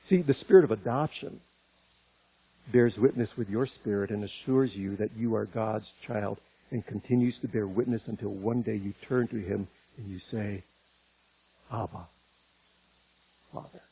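Male preacher, sermon, impassioned, mellow warm tone, slightly husky. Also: moderate pace, low-quality recording. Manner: impassioned, rising in pitch and loudness on key points; direct address to listeners.

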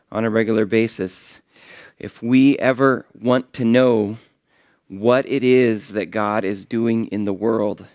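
A middle-aged visiting missionary preaches in a church, earnest and halting, with many fillers and restarts. His voice is lowish and the recording is dry.

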